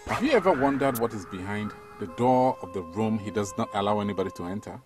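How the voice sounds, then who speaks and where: A smooth, coaxing inner tempter, voiced by a Nigerian man, who whispers greed into a woman's mind in a film drama. His tone moves in lively rises and falls over faint background music. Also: on the low side, quick pace, close to an everyday voice. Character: tempting male voice inside a woman's head.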